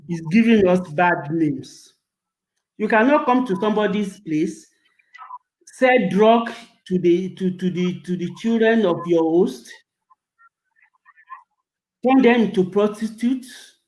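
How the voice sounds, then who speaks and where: A man's voice: high voice, darkish tone, low-quality recording. An older man, answering an interview with emotion and often repeating words when stirred. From Nigeria. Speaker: guest.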